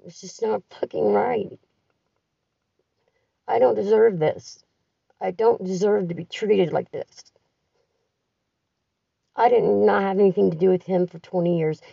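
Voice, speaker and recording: A woman's voice: medium pitch, measured pace, gravelly, pauses often, warm tone, breathy edge, no echo. A middle-aged woman leaving a raw, profane voice message, bitter, grieving and tired. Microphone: phone voice recording. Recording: dull lo-fi phone audio, distant from the mic.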